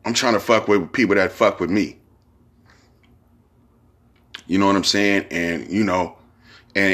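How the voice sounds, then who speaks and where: On his own podcast, a man with a lowish, somewhat bright voice talks solo in a rambling, informal style. Slang and profanity run throughout, and he keeps dropping in "you know what I'm saying."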